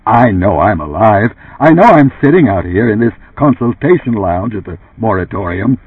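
A frantic, indignant boss, voiced by a male audiobook reader who pleads in loud, raised bursts. His voice is husky and swings widely in pitch. The sound is dry and thin, like a phone line. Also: big pitch swings, normal speed, no echo. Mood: guarded. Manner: heated, pleading outbursts. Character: agitated, indignant middle-aged male boss.

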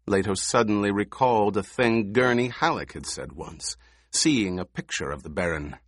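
A man narrating a novel in a measured, expressive audiobook style on a close mic. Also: fairly low pitch, no room sound.

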